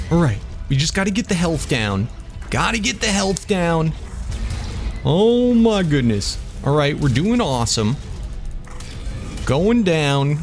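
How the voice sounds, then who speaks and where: A man giving excitable let's-play commentary over a game, often yelping and exclaiming. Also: on the high side. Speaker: gaming YouTuber.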